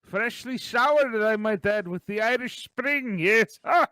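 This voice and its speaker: A man's voice: high voice, unhurried, sharp tone, no room sound, clean studio sound. A man hosting a comedy morning show, teasing his co-host and chuckling often.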